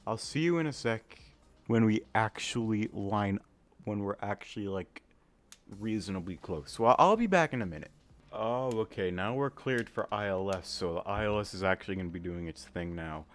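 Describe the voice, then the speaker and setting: A man casually talking through a flight simulator game, thinking aloud with many pauses and filler words, and breaking into sudden excited outbursts. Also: lowish voice. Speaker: flight sim gamer. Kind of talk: casual gameplay commentary.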